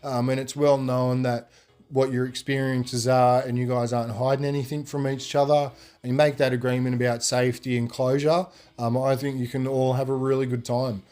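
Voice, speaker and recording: A man, a podcast guest telling stories in a loose, rambling way full of fillers, getting animated when he quotes people. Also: medium pitch, moderate pace. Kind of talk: casual storytelling.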